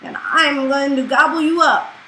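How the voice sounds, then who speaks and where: Brief: mocking, hungry dragon head from a picture book, put on by a woman reader; bright and echoey. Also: high voice, normal speed, a little hiss or hum. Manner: snide, mocking.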